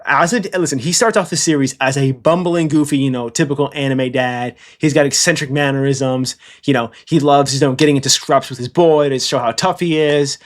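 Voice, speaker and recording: A man's voice: medium pitch, a little fast, few pauses. A man in casual, rambling commentary, blunt and profane, who keeps checking in with "okay?". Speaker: anime commentator. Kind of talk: casual tier-list commentary.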